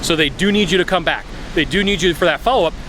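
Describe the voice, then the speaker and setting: A man's voice: on the high side, fast talker, a bit bright, a little hiss or hum. A man giving blunt sales advice in a casual vlog, acting out phone calls as he talks. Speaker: sales coach. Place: outdoors by a bay.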